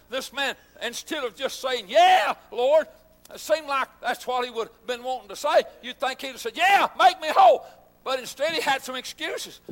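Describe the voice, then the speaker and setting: A man preaching, his voice pitched very high. He drifts between quiet asides full of fillers and fervent shouted bursts. The sound trails off in a long hall reverb. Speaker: pastor. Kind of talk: sermon.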